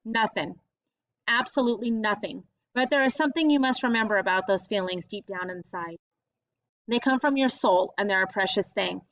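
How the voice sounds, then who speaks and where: A woman voicing a warm, folksy elderly grandmother who talks in a gentle, comforting drawl. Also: medium pitch, moderate pace, no echo, natural voice. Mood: tender. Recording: dull lo-fi audiobook recording.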